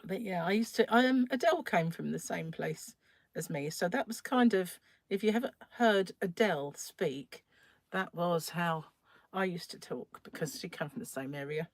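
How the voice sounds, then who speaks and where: A woman's voice: fairly low pitch, lively intonation, normal speed, dry recording, studio quality. A middle-aged woman, chatting casually on a crochet live stream, laughing often and greeting viewers by name. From England, North London.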